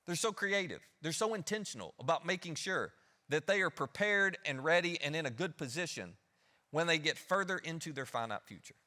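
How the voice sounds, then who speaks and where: A man's voice: fairly high pitch, animated, a little fast, bright, forceful tone. A male pastor preaching a sermon, telling a story conversationally, acting out the characters and putting questions to the congregation. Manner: conversational, asks the audience questions.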